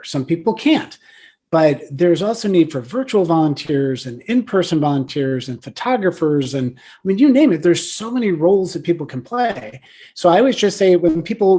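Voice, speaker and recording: A man's voice: fairly high pitch, warm tone, slightly rough. Chatty man in his forties telling stories. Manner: chatty storyteller, frequent "you know" and "right?". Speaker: guest, software founder. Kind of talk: casual podcast interview.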